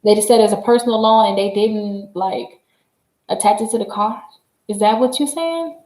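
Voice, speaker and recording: A woman hosting a casual livestream, chatty and excitable, laughing often and talking straight to her viewers. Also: medium pitch, moderate pace. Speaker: credit repair livestream host. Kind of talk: casual livestream chat reading viewer comments. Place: her office. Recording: roomy echo.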